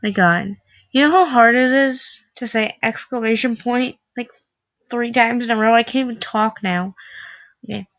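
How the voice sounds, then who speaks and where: A woman's voice: on the high side, steady tone, moderate pace, fairly bright tone, no room sound, dull audio. A teenage girl casually reacting to an online quiz, chatty and sarcastic, full of "like". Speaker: vlogger taking an online quiz.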